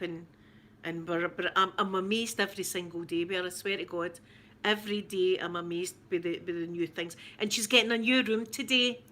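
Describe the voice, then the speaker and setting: A middle-aged Scottish woman, a mother, chatting casually to camera and telling stories in an animated way, with lots of repeats. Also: fairly low pitch, a little hiss or hum. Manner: animated storytelling with laughs and repeats. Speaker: vlogger, mother.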